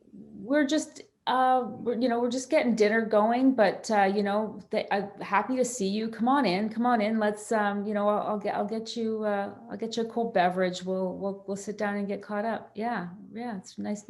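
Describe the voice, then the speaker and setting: A woman's voice: medium pitch, unhurried, lightly acted. A woman playing a meek young roommate who avoids conflict, talking hesitantly and trailing off in a role-play exercise. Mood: overly accommodating.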